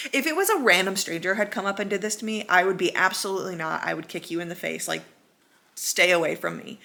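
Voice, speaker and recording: A woman's voice: medium pitch, creaky, pushed and bright. A young woman vlogger casually rambling about a book she loves, swearing and acting out quotes. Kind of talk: casual chatty book review.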